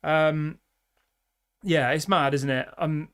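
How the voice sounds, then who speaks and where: Excitable football fan on a live stream. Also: male voice, fairly high pitch, slow, clear, resonant tone. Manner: excitable, chatty, reads viewer comments. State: out of breath. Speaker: fan channel host.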